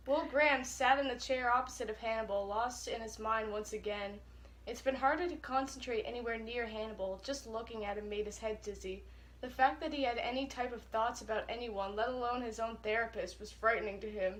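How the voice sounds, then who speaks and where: Bright-voiced young woman reading aloud. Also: on the high side. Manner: flat, hurried reading broken by giggles. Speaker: co-host. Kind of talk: reading fan fiction aloud for laughs.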